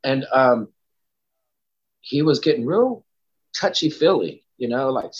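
A man's voice: mid-range voice, expressive, takes it slowly, breathy edge, dull audio. A man telling a candid personal story as an interview guest, rambling with lots of "you know" and "like".

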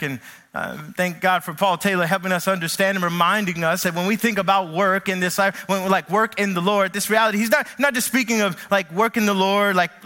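A man preaching a sermon as pastor, earnest and lively, sinking low and slow on key phrases and telling stories with energy. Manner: animated storytelling with acted quotes.

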